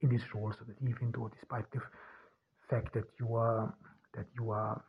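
A man hosting a podcast, talking in a halting way with many restarts and fillers. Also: medium pitch, little pitch movement, slightly rough. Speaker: podcast host. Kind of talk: casual monologue. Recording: dull lo-fi audio.

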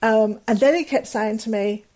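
A woman's voice: a little high, moderate pace, a little mellow. A middle-aged woman, a guest telling a personal story in a candid, earnest way with fillers and restarts. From England.

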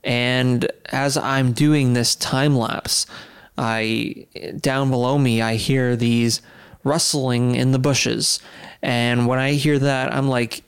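A man with a gravelly yet smooth, resonant voice tells a story on a podcast. He is animated and laughs partway through his sentences, relaxed and conversational. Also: mid-range voice, slow. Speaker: podcast host. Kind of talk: casual storytelling chat.

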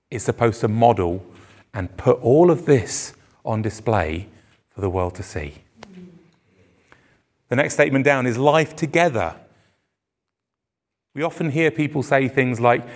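A man preaching a sermon to his congregation, earnest and emphatic, his phrases rising on key words. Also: medium pitch. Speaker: pastor. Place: church service venue.

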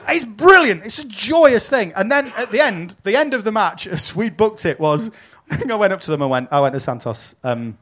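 A man hosts a live podcast before an audience. He swears freely and tells his stories with animated energy and frequent laughs. His voice sits a little high for a man. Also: moderate pace, a little hiss or hum. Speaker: podcast host and wrestling promoter.

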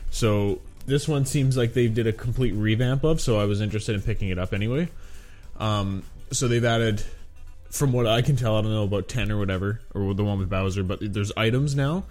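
A man's voice: lowish voice, a little fast, darkish tone, faint music behind. A man co-hosting a casual gaming podcast, rambling, swearing freely and laughing often. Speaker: podcast co-host.

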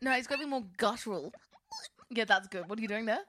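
A woman's voice: a little high, quick pace, bright, forceful tone, a little hiss or hum. A young woman co-hosting a podcast in casual chat, giggly and playful, breaking into silly animal noises. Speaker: podcast co-host.

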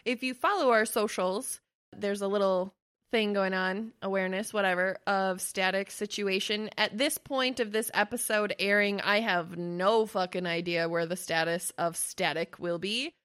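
A woman's voice: mid-range voice, fairly even intonation, moderate pace, fairly bright tone, clean tone. A young woman co-hosting a casual podcast chat, swearing freely and laughing often as she talks. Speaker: podcast co-host.

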